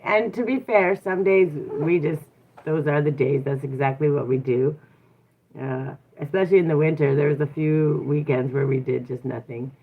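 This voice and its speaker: A woman with a deep, low voice talks casually from home, laughing easily and stopping now and then to give her child firm little instructions. The sound is thin and tinny, like it is coming through a phone. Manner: playful, laughs often, breaks off to correct her child. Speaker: channel host and mother. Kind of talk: casual live chat.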